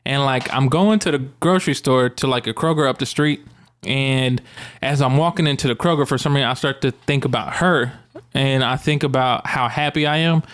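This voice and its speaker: A young man co-hosting a casual podcast, telling a long personal story at an unhurried pace. He rambles a bit, piles in fillers and laughs easily, sounding loose and conversational. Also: medium pitch, clear, resonant tone. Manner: relaxed, rambling, many likes and ums, laughs often. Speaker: podcast co-host.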